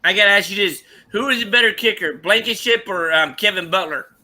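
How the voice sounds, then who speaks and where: A man with a high, very bright and sharp voice joins the chat with curious questions. He tends to stretch out his thoughts with little pauses as he goes. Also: rough recording. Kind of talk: casual chat.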